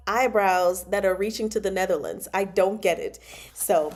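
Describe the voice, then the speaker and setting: A woman's voice: medium pitch, moderate pace. A young adult woman hosting a casual book chat, playful and laughing often as she reacts to a novel. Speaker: book club host reading and reacting.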